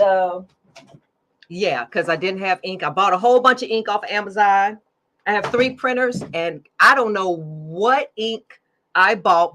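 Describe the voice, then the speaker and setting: A woman's voice: medium pitch, pushed and bright. A middle-aged woman hosting her own show, talking in an upbeat, chatty way and laughing often. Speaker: podcast host. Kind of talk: casual livestream chat.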